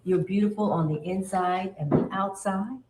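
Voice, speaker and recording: A woman's voice: medium pitch, normal speed, darkish tone, echoey room, a little hiss or hum, low-quality recording. An older woman, a grandmother, giving an earnest and emotional speech to her granddaughter. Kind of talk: heartfelt family speech.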